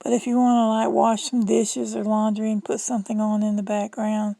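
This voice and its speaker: A woman's voice: medium pitch, completely flat delivery, normal speed, vocal fry, dark tone, no echo, rough recording. A middle-aged woman with a Southern US accent, talking in a chatty, rambling, folksy way in a casual vlog monologue. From Southern United States. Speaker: vlogger.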